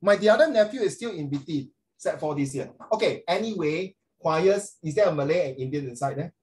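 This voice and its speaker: Animated Singaporean man teaching a class. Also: fairly high pitch, brisk. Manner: animated, code-switching, questions students by name. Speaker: tutor. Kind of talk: online class lesson.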